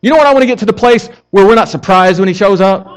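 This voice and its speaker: A man's voice: high voice, fast, poor audio. A man preaching a passionate sermon in a conversational way, with casual asides. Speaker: pastor.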